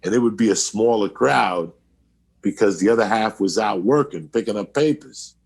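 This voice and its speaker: Gravelly, husky man telling stories. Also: fairly low pitch, moderate pace. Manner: animated, swearing, acts out quotes. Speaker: guest storyteller. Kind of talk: casual podcast chat, storytelling.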